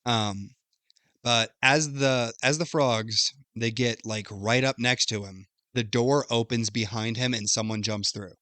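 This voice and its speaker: A young man co-hosting a podcast, recapping a video game in casual, profane, animated chat. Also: medium pitch, no echo. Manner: animated, profane, retells scenes with quick quoted voices. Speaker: podcast co-host.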